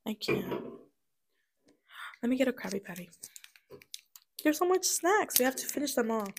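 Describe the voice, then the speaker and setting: A woman's voice: sits high, very animated, moderate pace, slight background noise. A young woman co-hosting a casual chat, talking and giggling while she eats snacks. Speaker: co-host.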